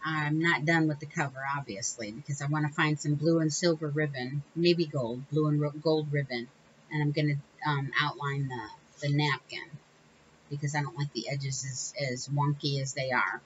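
Hosting a casual crafting tutorial, this woman rambles, corrects herself, and laughs softly as she goes. Her voice is low and steady at a moderate pace, and the recording has cut-off highs and a little background noise.

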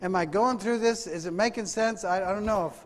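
A man's voice: high-pitched, a little fast. A man preaching a sermon in a church, asking the congregation rhetorical questions and calling for amens. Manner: rhetorical questions, calls for amen. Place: church sanctuary. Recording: hall reverb.

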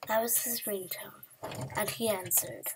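A woman's voice: mid-range voice, fairly even intonation, unhurried, a little hiss or hum, low-quality recording. A woman improvising a children's story, often dropping to a whisper and stumbling over her words.

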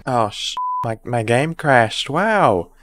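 Man, gaming YouTuber, sardonic sweary play-by-play, average pitch. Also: very animated, slow, music in the background. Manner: sardonic muttering with sweary outbursts. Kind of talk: live gameplay commentary.

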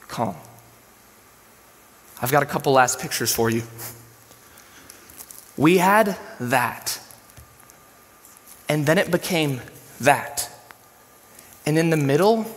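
Brief: male pastor, high voice, laid-back slangy sermon in a church with long hall reverb. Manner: casual, animated storytelling with slang.

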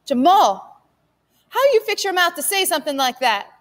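A woman's voice: a little high, moderate pace, natural voice. A woman reading a novel aloud, voicing a tired, worried mother whose voice cracks when she is upset. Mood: tearful. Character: weary worried working mother, tearful.

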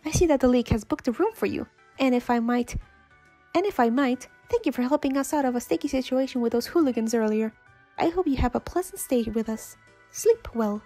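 A woman's voice: sits high, animated, a little fast, warm tone, soft background music. A woman voicing a polite hotel clerk, reading game dialogue in a formal, courteous way.

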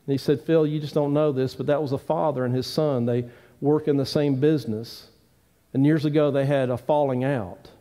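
This male pastor's sermon, given in a church sanctuary, comes in a mid-range voice with a steady tone and moderate pace. He preaches earnestly, his pleas rising with emphasis before easing into quieter side remarks.

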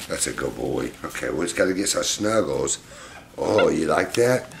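A man's voice: very deep voice, animated, normal speed, creaky, noisy background. A man hosting a casual unboxing vlog, chatty and fond, often talking to his pets. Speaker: pet monkey owner and channel host.

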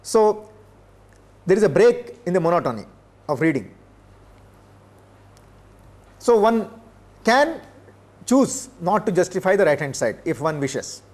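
An older man from India, giving a classroom lecture in a measured way, pausing often with filler sounds. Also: high-pitched, big pitch swings, a little mellow. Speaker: professor. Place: lecture room.

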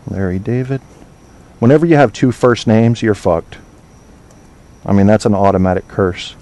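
Mellow-voiced man rambling casually. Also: lowish voice, normal speed. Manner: rambling, swears freely, trails off searching for names. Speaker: podcast host. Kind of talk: casual chat with listeners.

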